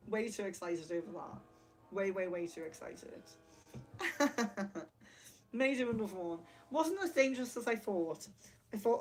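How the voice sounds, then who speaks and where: A woman hosting a spiritual livestream from her room, giggly and excitable, laughing often, speaking to a camera set far across the room. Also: medium pitch, moderate pace. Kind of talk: casual livestream chat. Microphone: camera mic from across the room.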